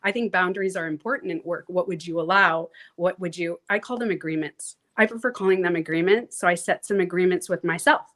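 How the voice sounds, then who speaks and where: A woman coach chatting in an interview, lively and outspoken, with a freely swearing, frank way of talking. She acts out the people she quotes, jumping in pitch and loudness as she goes. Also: fairly quick, hardly any pauses. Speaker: transformation coach, guest. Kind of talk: casual interview talk.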